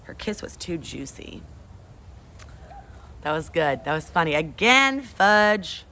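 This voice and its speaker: A woman's voice: lowish voice, very animated, takes it slowly, bright, forceful tone. A woman reading a chapter book aloud to her class, then chatting in a friendly way. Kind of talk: read-aloud storytelling.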